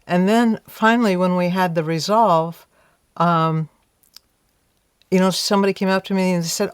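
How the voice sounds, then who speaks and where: A woman answering interview questions tells a story in a thoughtful, conversational way, saying "you know" a lot and voicing her earlier thoughts. Her fairly low, smooth voice moves at normal speed, on a dry recording with clean studio sound.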